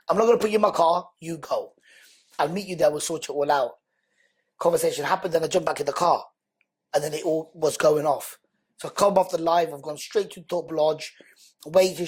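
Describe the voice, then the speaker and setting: A man, a podcast guest, telling his story in a lively, conversational way and acting out the dialogue. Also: on the high side, breathy edge. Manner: animated, acts out quoted dialogue.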